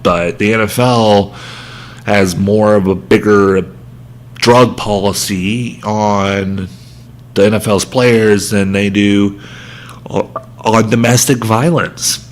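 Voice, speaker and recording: Slow-talking man ranting about sports. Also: fairly low pitch, fairly even intonation. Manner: heated ranting with self-aware humor. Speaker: podcast host. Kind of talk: sports rant.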